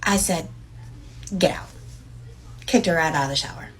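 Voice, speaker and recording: A mother telling a story in an expressive, animated way. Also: sits low, racing, slight background noise, rough recording. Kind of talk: casual storytelling.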